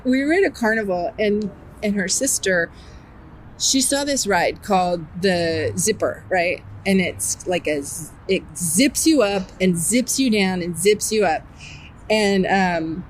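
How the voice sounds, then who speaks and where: A middle-aged woman, a parent, telling a personal story in an interview in a candid, rambling way full of "like" asides. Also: mid-range voice. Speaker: parent of a student. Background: music bed.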